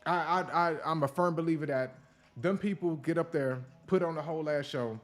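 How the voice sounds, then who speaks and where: A man's voice: a little high, fairly quick. Blunt, profane male podcast host. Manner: blunt, profane, animated rants. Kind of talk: casual opinion commentary.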